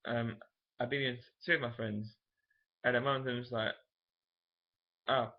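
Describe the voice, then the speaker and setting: A man's voice: mid-range voice, steady tone, fairly quick, highs cut off. Young man rambling through a personal story. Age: late teens. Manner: rambling, many fillers and self-corrections, candid. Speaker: vlogger. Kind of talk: casual personal storytelling to camera.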